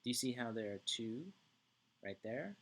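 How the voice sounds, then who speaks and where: A man's voice: medium pitch, moderate pace, fairly bright tone. A male music teacher giving an online lesson to young children, chanting rhythm syllables and checking in often with "right?".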